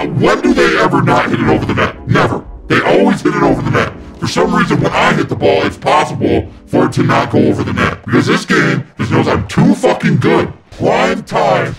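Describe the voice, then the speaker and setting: A man's voice: medium pitch, gravelly. Demonic-filtered man raging at games. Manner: yelling, cursing, frustrated outbursts. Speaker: gamer. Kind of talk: rage-filled gameplay commentary.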